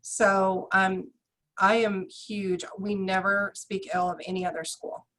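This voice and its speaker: A woman's voice: medium pitch, flat delivery, measured pace, a bit bright, rough recording. A woman speaking earnestly and emphatically as a panelist on a video call. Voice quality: earnest, emphatic, restarts often. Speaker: beauty school director, panelist. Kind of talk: conversational panel talk.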